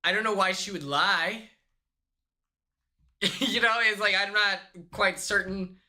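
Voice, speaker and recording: A man's voice: high-pitched, takes it slowly, pushed and bright. A man live-streaming from a hotel room, chatting casually with viewers, swearing and laughing, breaking into shrieks when retelling a story.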